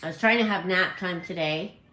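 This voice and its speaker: A woman's voice: fairly low pitch, brisk, bright, forceful tone, a little hiss or hum. Chatty woman in a roomy echo. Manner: rambling, self-correcting, chatty. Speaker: parrot channel host. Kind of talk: casual livestream chat.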